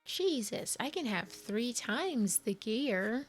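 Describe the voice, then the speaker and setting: Woman gamer, slow unhurried talk, thinking out loud, casual game commentary, faint music behind. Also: mid-range voice, expressive. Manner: chatty, thinking aloud, confused asides. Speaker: let's play gamer.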